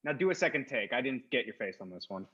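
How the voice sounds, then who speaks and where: Fast, lively, husky man coaxing. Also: medium pitch, muffled recording. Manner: pushy, coaxing, encouraging. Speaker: sketch actor playing a pushy director.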